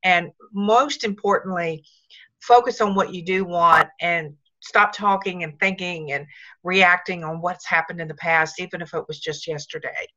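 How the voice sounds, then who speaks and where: A woman's voice: fairly low pitch, fairly even intonation, moderate pace, bright, forceful tone, muffled recording. A woman team leader giving upbeat, repetitive motivational coaching on a video call.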